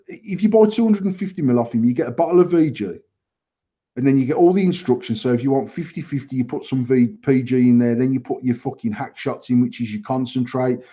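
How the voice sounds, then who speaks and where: A man chats and rants on a banter podcast, cursing freely and acting out online arguments with plenty of energy. His voice is mellow and relaxed in tone. The recording sounds somewhat dull and lo-fi. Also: medium pitch. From England. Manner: swears a lot, animated retelling of arguments. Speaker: podcast co-host. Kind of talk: casual banter, storytelling.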